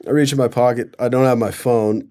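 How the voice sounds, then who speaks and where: A man's voice: medium pitch, steady tone, brisk, mellow. A young man from Colorado casually telling a rambling story, full of fillers and sarcasm. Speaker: guest storyteller.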